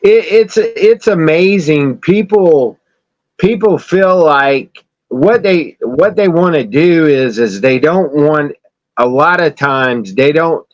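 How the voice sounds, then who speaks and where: A man's voice: a little high, lively intonation, slow pace, dry recording, highs cut off. A man in casual podcast chat, talking about faith in an emphatic, blunt way. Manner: emphatic preacher-like delivery, blunt and straightforward.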